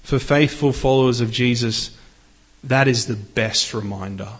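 A man's voice: medium pitch, measured pace, husky. A man preaching a sermon in an earnest way, lifting his voice when he reads scripture. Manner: earnest, rises for scripture readings.

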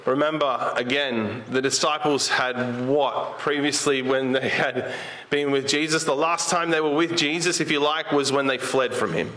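A man preaching a sermon in a conversational way. He often asks rhetorical questions and slows down and rises when he quotes scripture. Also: medium pitch, steady tone, bright, forceful tone. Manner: slows down and lifts his voice when quoting Jesus.

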